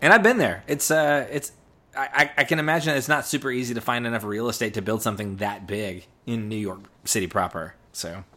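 A thoughtful man unpacks a song's meaning in easy conversation, eager and sincere. His voice is bright and forceful, at an ordinary middle pitch. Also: a little fast. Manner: earnest, reflective, eager to explain meaning. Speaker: co-host discussing songs. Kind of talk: casual chat.

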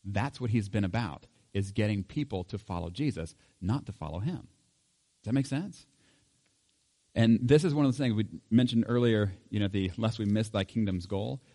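A man's voice: on the low side, dark tone. A middle-aged man giving an informal Bible teaching in a conversational way, with chuckles and fillers.

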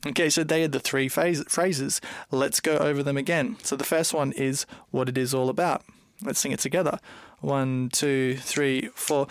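Clear male co-host who teaches methodically, dry close sound. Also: on the high side, a little slow, no room sound. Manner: clear, methodical, counts beats aloud. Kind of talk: singing lesson.

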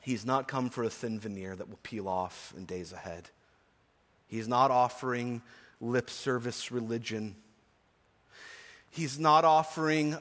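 A man's voice: medium pitch, unhurried, long pauses. Earnest preaching man in a reverberant church. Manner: earnest, emphatic preaching with chatty personal asides. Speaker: pastor. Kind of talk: sermon. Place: church sanctuary. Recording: long reverb of a church hall.

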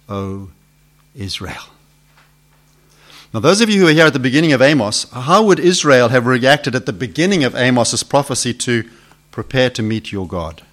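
A man with a mid-range voice preaches a sermon, questioning the congregation and alternating between loud build-ups and hushed lines.

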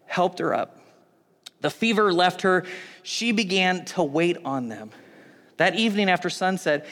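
A man preaching a sermon, animated, acting out the voices of onlookers in the story. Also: high voice. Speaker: pastor. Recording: long hall reverb.

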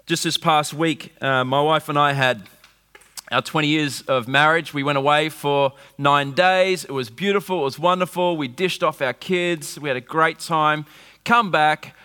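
A man, preaching a sermon with animated storytelling and wry humour. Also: on the high side, normal speed, clean tone. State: recovering from flu. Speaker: pastor. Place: church hall. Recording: reverberant hall.

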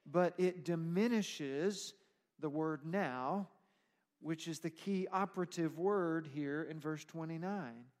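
A man's voice: on the high side, takes it slowly, a little mellow. A man preaching a sermon as pastor, explaining scripture in an emphatic way. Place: church sanctuary. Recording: long reverb of a church hall.

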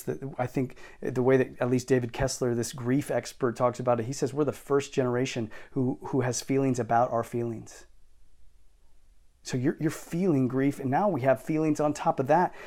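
A male pastor preaching a sermon, emphatic and shifting between intense and quiet delivery. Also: mid-range voice.

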